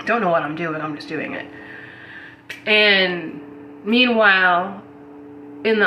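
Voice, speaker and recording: Over a rough recording with a little hiss or hum, a host with a mid-range voice relates a strange dream to a live audience. Her casual storytelling is rambling and animated, and she says "like" constantly.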